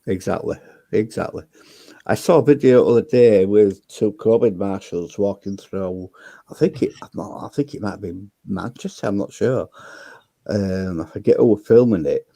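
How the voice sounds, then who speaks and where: A man's voice: fairly low pitch, normal speed, creaky, mellow, no echo. A man, bluntly telling stories and swearing freely in casual chat. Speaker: debate show guest.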